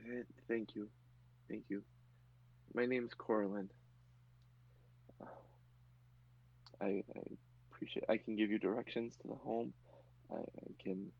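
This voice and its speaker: A man's voice: lowish voice, fairly even intonation, gravelly, slightly rough, muffled recording, heavily acted. A man doing a timid stammering woman in her forties. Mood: tearful. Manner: stammering, halting. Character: frightened mid-forties woman, grieving, timid.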